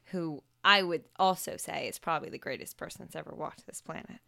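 Chatty young woman hosting, gravelly low voice. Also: a little fast, sharp tone, dry recording, studio quality. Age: young adult. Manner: friendly, chatty, laughs often. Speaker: podcast host. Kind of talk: casual podcast interview. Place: home basement.

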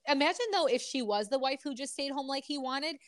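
Female co-host, slightly high pitch, blunt and animated in casual gossip talk. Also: a little fast, no echo, studio quality. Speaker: podcast co-host.

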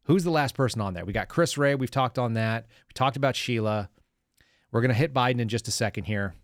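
Male podcast host, off-the-cuff political talk, close dry mic, mid pitch. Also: no room sound. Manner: casual, rambling, directs his producer.

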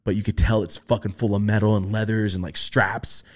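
A young man on a podcast telling a story in casual chat, swearing freely and acting out the voices he quotes. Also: a little fast. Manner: animated, swearing, acts out quoted voices in a high pitch. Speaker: podcast host.

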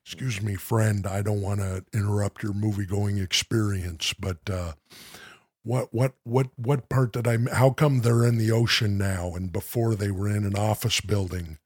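A man doing a gruff blustering tough guy. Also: fairly low pitch, steady tone, normal speed, voice pushed down. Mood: confused. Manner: indignant ranting with mock patriotic bluster. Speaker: comedy podcast host. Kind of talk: improvised comic impression.

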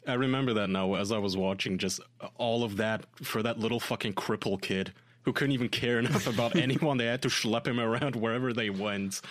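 A man's voice: medium pitch, a little fast. A man co-hosting a casual podcast, ranting with exasperated, profane complaints. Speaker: podcast co-host. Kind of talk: casual chat.

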